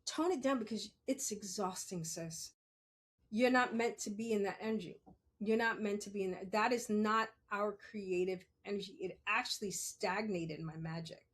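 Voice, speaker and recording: Woman, forties, podcast host, casual monologue, candid, laughs often, middle pitch. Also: normal speed, a bit bright, slightly rough. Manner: chatty, laughs often, self-correcting asides.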